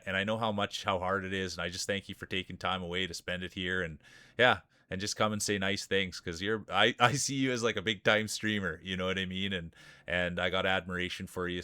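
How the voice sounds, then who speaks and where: Deep, pushed and bright, the voice belongs to a Canadian man in his forties from small-town Saskatchewan who hosts live-streamed marble races. He rambles through excited announcer patter and chat, with a clean tone and no echo.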